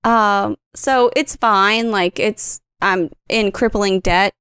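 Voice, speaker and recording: A woman's voice: medium pitch, fairly even intonation, slow pace, a bit bright, clean tone, no echo, studio quality. A woman in her thirties co-hosting a podcast, chatting casually and acting out her kids' voices in her stories. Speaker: podcast co-host. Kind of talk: casual storytelling chat.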